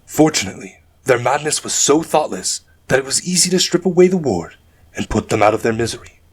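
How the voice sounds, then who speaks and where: A man narrating a dark fantasy audiobook in a measured storytelling manner. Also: mid-range voice, animated, husky.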